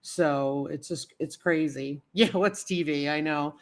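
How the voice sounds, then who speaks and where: A woman with a low voice talks at a slow pace while hosting a casual livestream. She rambles chattily, welcoming viewers and replying to chat comments, and her stories wander with many fillers and repeats.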